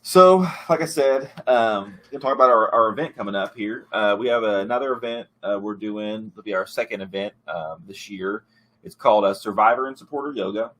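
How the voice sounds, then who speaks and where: Laid-back low-voiced podcast host. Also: male voice, fairly quick. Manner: rambling, relaxed, many fillers and restarts. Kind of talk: casual chat.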